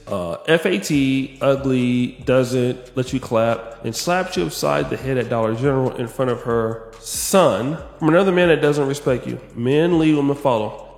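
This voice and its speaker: Animated man doing reaction commentary. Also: mid-range voice, normal speed, hardly any pauses. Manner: animated, reads out posts, begs for sound effects. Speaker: online commentator.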